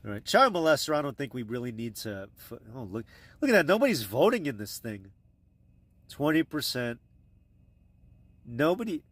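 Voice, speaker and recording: A man's voice: mid-range voice, very animated, normal speed, long pauses, a bit bright. Crude, rambling man on a phone stream. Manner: crude, meandering, offhand. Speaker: live streamer. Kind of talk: rambling casual live-stream chat.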